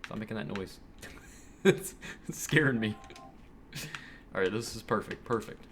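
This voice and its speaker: A young man commentating his own online shooter match, excitable and cursing, yelling at other players. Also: fairly low pitch, moderate pace, a little hiss or hum. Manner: excitable, swears often, yells at other players. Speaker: gamer streamer. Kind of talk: live gameplay commentary.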